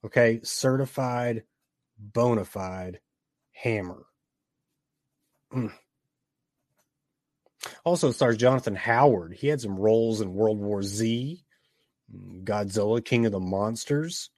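A man's voice: on the low side, a little mellow, no echo, clean studio sound. Wisecracking Southern man reviewing a film. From Tennessee. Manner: wisecracking, joking asides, drawn-out emphasis. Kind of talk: casual movie review commentary.

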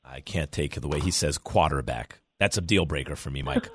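A man hosting a sports radio show, talking football in a jokey, animated way. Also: breathy edge, no room sound. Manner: animated, jokey, rapid swings in pitch.

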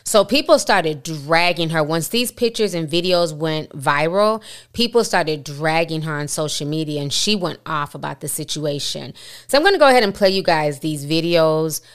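A woman's voice: low-pitched, lively intonation, normal speed, clean tone. A woman hosting a commentary vlog, talking conversationally and straight to her viewers. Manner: conversational, addresses viewers directly. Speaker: host.

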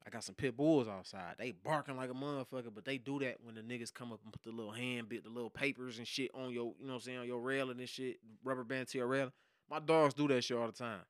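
A man, a podcast guest and hip hop producer, telling a story in casual, profane slang and acting out loud shouted quotes. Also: medium pitch, fairly even intonation, fast, no room sound, studio quality. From Detroit.

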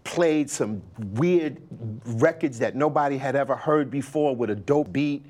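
An older man from New York, a guest telling stories in a relaxed conversation, animated and quoting others with lively bursts. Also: mid-range voice, a little slow. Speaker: interview guest, hip hop pioneer. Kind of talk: conversational storytelling.

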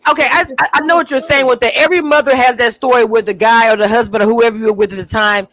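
A woman gives blunt, emphatic opinions in a casual panel discussion. Her voice sits at a middle pitch and sounds close and dry. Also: fairly even intonation, fast talker, fairly bright tone, no echo, poor audio. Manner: emphatic, blunt, agreeing often. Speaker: review panelist.

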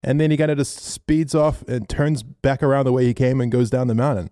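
A man co-hosting a podcast, telling a story in a casual, animated way, swearing freely. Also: mid-range voice, fairly quick, dry recording, studio quality. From Australia. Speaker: podcast co-host.

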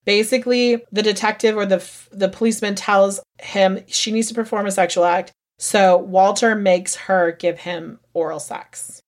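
A woman hosts a casual true-crime podcast, telling the story with heated, profane emphasis. Her voice sits at a middle pitch for a woman. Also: steady tone, normal speed, few pauses. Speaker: podcast host.

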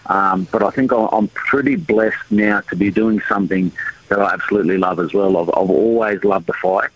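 A man's voice: on the low side, normal speed, husky, dry recording, dull audio. A man with an Australian accent, a boxing promoter and former rugby league player, answering questions in a laid-back, modest way over a radio line. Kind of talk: casual radio interview.

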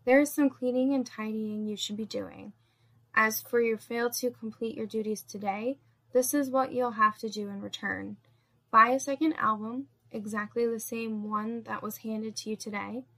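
A female narrator plays a cold, exacting woman in an audio story, laying out orders in a stern, measured way. Her tone is slightly high and gravelly. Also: fairly even intonation, a bit bright. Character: cold, commanding woman setting tasks.

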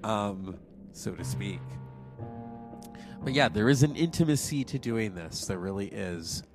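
A man's voice: on the low side, lively intonation, unhurried. A congested man in his forties hosting a solo podcast, chatty and digressive. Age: 40s. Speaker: podcast host. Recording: music playing behind.

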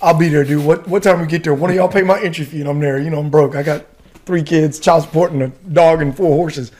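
A middle-aged man from the United States telling a story as a podcast guest, casual and profane, full of animated asides. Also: on the high side, fast. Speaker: guest, retired Army warrant officer.

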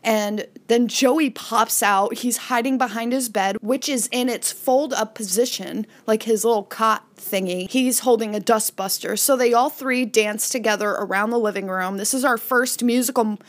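A woman with a fairly high voice hosts a podcast, retelling a sitcom episode in a loose, chatty way. She now and then slips into a quick acted-out line before going back to her easy recap. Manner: chatty, retells scenes with brief acted-out quotes. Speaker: podcast host.

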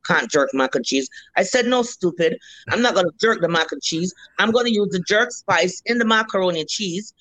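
A Jamaican woman in her fifties, a restaurant cook, telling animated stories in a casual interview, acting out her customers and swearing freely. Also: fairly low pitch, a little fast, no echo, low-quality recording.

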